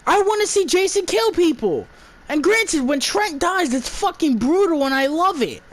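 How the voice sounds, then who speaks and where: A woman's voice: very high-pitched, animated, normal speed. A woman giving an exasperated, profane movie review, stumbling and restarting her words as she rants.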